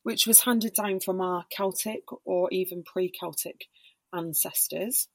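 A woman guest on a casual podcast chat, explaining slowly with lots of hedging fillers. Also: on the low side, fairly even intonation, a little mellow, no echo. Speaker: podcast guest, Reiki practitioner and embodiment coach.

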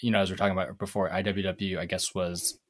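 A man's voice: deep voice, level tone, fast talker. A man co-hosting a casual panel discussion, working through ideas in a thoughtful, hedging way. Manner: thoughtful, hedging, many fillers. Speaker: podcast co-host.

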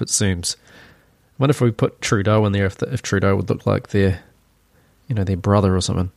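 A man's voice: on the low side, fairly even intonation, brisk, gravelly, no room sound, clean studio sound. Sarcastic New podcast man. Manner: sarcastic, opinionated, rambling. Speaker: podcast host. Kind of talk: solo opinion commentary.

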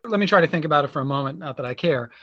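Male podcast co-host, slightly high voice, crude deadpan humor, muffled lo-fi sound. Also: racing, breathy edge. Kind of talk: casual podcast banter.

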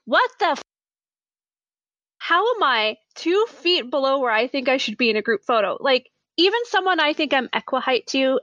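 A woman's voice: high voice, pushed and bright, dry recording, highs cut off. A nasal-voiced woman in her thirties, co-hosting a podcast in chatty, self-mocking casual talk. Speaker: podcast co-host. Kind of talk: casual chat.

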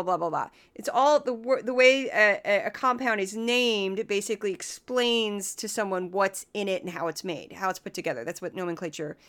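A hoarse woman hosting a podcast, talking in a chatty, sarcastic and self-deprecating way. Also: mid-range voice, a bit bright. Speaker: podcast host. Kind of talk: casual commentary podcast.

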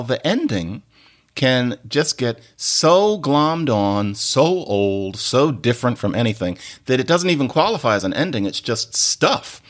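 On his podcast, a man gives a playful explanation that keeps drifting into digressions. His lecturing style features abrupt leaps in pitch.

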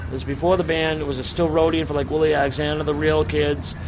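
High-voiced, profane middle-aged punk storyteller. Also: male voice, flat delivery, fast. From Boston area. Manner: profane, rambling, swaggering storyteller. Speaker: punk singer being interviewed. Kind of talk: casual street interview, storytelling. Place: outdoors in front of a bar on a city street. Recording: street traffic noise outdoors. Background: passing cars and city traffic.

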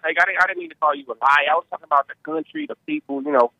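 A man calling in to a talk show, quick and excitable with folksy wording. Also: a little high, vocal fry, no room sound, rough recording. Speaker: caller. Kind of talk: phone call-in chat.

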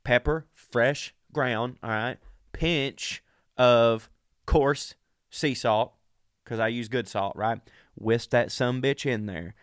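Man, middle pitch, chatty and profane, sick, dry booth sound. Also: takes it slowly, clear, resonant tone, no echo. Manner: profane, chatty, talks straight to listeners. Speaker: podcast host. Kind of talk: casual monologue.

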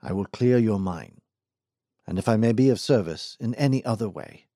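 A man plays an aristocratic engineer who talks in formal, commanding phrases with a touch of disdain. The voice is low and warm, recorded dry and close for an audiobook. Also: animated, moderate pace, no room sound.

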